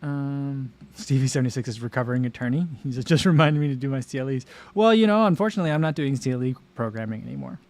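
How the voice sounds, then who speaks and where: A man's voice: mid-range voice, lively intonation, fast talker, few pauses, darkish tone. A man hosting a casual livestream and talking to his chat, rambling with many fillers and restarts. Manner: chatty and rambling, many fillers and self-interruptions. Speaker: livestream host reading chat.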